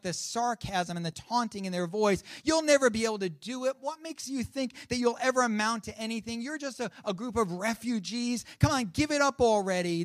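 A man's voice: sits high, no echo. A man preaching a sermon as pastor, with swelling emphasis and calls out to the congregation.

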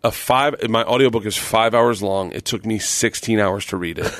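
A middle-aged man, a guest comedian, telling stories on a podcast in a casual, animated way, laughing often and acting out what others said. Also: lowish voice, moderate pace, no room sound. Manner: animated, laughs often, acts out quoted voices.

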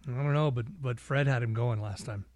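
A man's voice: medium pitch, fairly quick, darkish tone, no room sound. A man co-hosts a casual podcast, making short, dry remarks in a laid-back way. His mid-range voice is recorded close and dry, with no room sound. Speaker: podcast co-host. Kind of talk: casual chat.

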